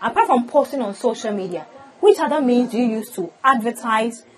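Woman interviewer with steady mm-hmms. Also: a little high, fairly quick, low-quality recording. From Ghana. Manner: frequent short backchannel affirmations. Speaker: interviewer, host.

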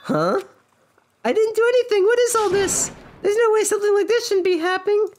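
A woman doing exaggerated impressions of excitable teenage anime students while reading game dialogue aloud. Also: very high voice, brisk, a little hiss or hum, pitched above the performer's own voice. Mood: alarmed. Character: excitable teen anime students, shrill and dramatic.

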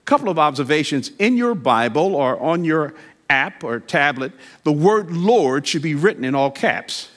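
A man preaching a sermon in a church, slowing down to stress key words, adding wry asides, and building to emphatic declarations. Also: expressive. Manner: builds from quiet, slow reflection to high, emphatic declarations. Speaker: guest preacher. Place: church sanctuary.

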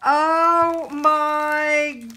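A woman from New Jersey chatting casually to her camera as she unboxes craft supplies, gushing and excited, with lots of fillers. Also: high-pitched, drawn-out words. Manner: gushing and excitable, full of exclamations. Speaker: craft vlogger.

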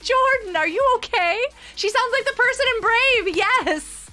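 A woman with a very high, bright voice chatters excitedly while playing a game on a live stream. Her pitch leaps all over the place as she giggles and reacts. Faint music plays underneath. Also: unhurried. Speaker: streamer, mother of co-host. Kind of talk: casual live-stream chat while gaming.

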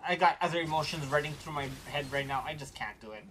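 A woman streaming a game, chatting casually with viewers in an animated way, quick to get frustrated. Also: heavy background noise. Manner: voice jumps high when excited.

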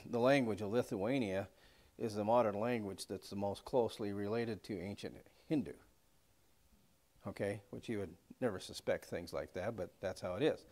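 A man's voice: on the low side, normal speed, a little mellow. A man leading a casual church Bible class in a folksy, rambling way, with many fillers and asides. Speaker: Bible study teacher.

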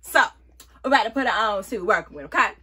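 A young woman chatting playfully to her viewers as she reviews a wig, exuberant and quick to laugh. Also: mid-range voice, animated, sharp tone, slightly rough. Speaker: beauty vlogger reviewing a wig. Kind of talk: casual chatty vlog.

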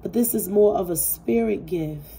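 Dark, gravelly-voiced woman reading tarot. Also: mid-range voice, normal speed, rough recording. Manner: casual, heartfelt, swears freely; repetitive, soothing reassurance. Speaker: tarot reader. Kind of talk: intuitive tarot reading to camera.

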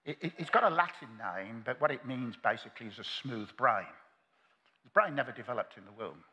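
An older man preaching a sermon at a convention, earnest and moving between loud climaxes and hushed quiet. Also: mid-range voice, expressive, a little fast, slightly rough, long reverb tail. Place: large convention hall.

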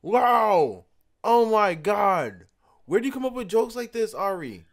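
A man doing a squealing, lovestruck falsetto fan. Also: sing-song, unhurried, full character voice. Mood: swooning. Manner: falsetto, exaggerated swooning. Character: gushing smitten man, squealing fake laughter.

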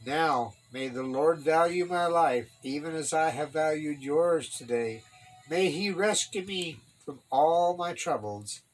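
Man, kids' Bible class teacher, reads the story aloud and voices the characters, somewhat high voice. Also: measured pace, soft background music, poor audio. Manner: voices the characters with rising pitch, adds wry comments. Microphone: online stream mic.

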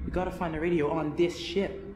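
A man's voice: fairly high pitch, steady tone, fairly quick, noisy background, close to an everyday voice. An actor playing a practical young man stranded on a ship in a horror game, talking matter-of-factly. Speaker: game character. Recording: game audio with loud music, roomy.

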